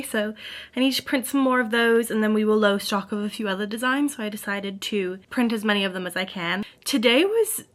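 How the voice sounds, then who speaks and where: A woman's voice: on the high side, fairly bright tone. A young woman talking to the camera in a casual vlog at home, rambling, laughing and getting emotional, with lots of "like". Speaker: small business artist vlogger. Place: at home, indoors.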